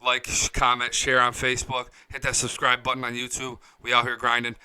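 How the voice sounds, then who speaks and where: Bright, profane sports-talk man. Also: medium pitch, completely flat delivery, brisk, clear, resonant tone. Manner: blunt, profane storytelling. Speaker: sports show host. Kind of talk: casual sports talk to viewers. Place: studio.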